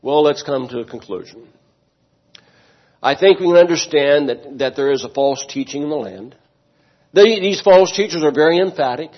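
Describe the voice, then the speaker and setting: A man's voice: on the high side, normal speed, lo-fi sound. A pastor preaching a sermon to his congregation, emphatic and questioning them as he goes.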